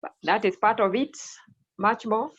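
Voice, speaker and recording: A woman's voice: medium pitch, unhurried. Woman teacher on a muffled video call. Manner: prompting students, repeating answers. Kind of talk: online English lesson.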